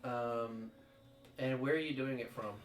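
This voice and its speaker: A man running a tabletop game as dungeon master, narrating haltingly with many fillers. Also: mid-range voice, steady tone, over loud music. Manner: halting, full of fillers, bursts into loud character voices. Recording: roomy live stream, distant mic, background noise.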